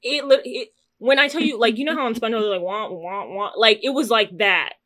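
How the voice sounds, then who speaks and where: A woman, casually telling a podcast story, animated and swearing freely, jumping into loud high squeals when she quotes herself. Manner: swears freely, quick asides. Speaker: podcast co-host.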